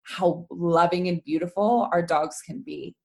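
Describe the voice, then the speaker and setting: A woman hosting a casual interview, animated and chatty, using rhetorical questions and lots of fillers. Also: fairly low pitch, measured pace, creaky. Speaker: host.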